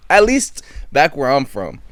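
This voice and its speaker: A man's voice: medium pitch, huge pitch swings, measured pace, a bit bright, no echo, clean studio sound. A young man who is a podcast guest, joking playfully in casual chat.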